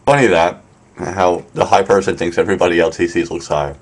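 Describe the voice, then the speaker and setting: A man's voice: sits low, brisk. A man hosting a casual live stream from his room, rambling with lots of fillers and a wry tone. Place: apartment in Tokyo.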